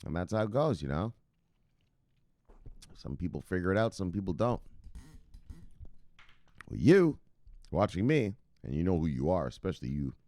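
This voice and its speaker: A man hosting a crypto livestream from home, cursing freely, laughing often and shouting at his viewers. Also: deep voice, sing-song, normal speed, long pauses. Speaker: crypto news host. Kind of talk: casual livestream rant.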